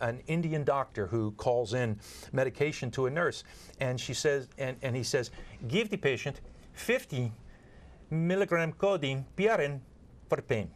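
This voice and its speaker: Earnest man explaining on a talk show. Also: mid-range voice. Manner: earnest, explaining with examples, frequent word repeats. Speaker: guest expert on nurse communication training.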